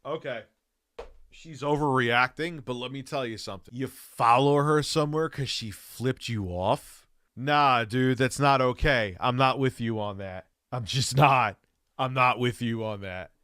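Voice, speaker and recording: A man's voice: mid-range voice, measured pace, fairly bright tone, clear, resonant tone, no room sound, clean studio sound. A man streaming, reacting to clips in blunt, rambling, profane casual commentary.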